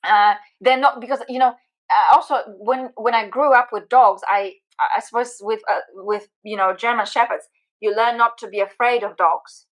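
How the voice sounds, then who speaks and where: A woman being interviewed as a guest, telling stories in an animated, chatty way. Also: fairly high pitch, normal speed, poor audio. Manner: animated storyteller, lots of fillers and restarts. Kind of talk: casual interview chat.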